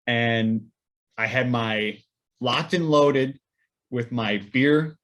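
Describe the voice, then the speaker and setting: A man's voice: mid-range voice, very slow, fairly bright tone. A young man, a podcast co-host, telling a rambling weekend story in casual chat with lots of fillers and restarts.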